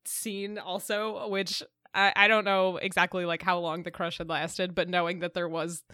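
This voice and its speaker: A woman's voice: lowish voice, level tone, moderate pace, sharp tone, no room sound. A woman co-hosting a podcast, reacting to a sitcom in a chatty, giggly way. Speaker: podcast co-host. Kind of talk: casual chat.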